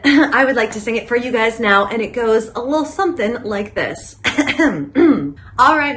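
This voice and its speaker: A young woman hosting a nostalgia vlog in a comedic monologue, rambling and animated, full of tangents and filler words. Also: medium pitch. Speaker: host of a nostalgia channel.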